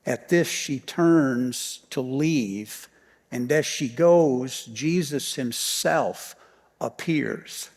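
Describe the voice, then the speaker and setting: A male pastor preaching a storytelling sermon, swinging from loud emphasis down to near-whispers and repeating key phrases. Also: medium pitch, very slow, long reverb tail. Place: church sanctuary.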